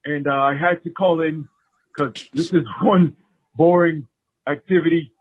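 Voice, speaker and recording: A man putting on a rambling older politician, halting and padded with "uh" fillers, with a slightly raised pitch. The voice comes through a tinny, dry phone voicemail line. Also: fairly even intonation, no room sound. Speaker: caller. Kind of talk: prank voicemail.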